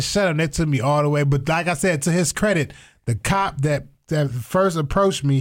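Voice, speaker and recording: Young guy telling a story, swears a lot, slightly high voice, acts out the lines. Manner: animated, profane, acts out voices in quotes. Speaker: storyteller guest. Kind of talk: casual storytelling.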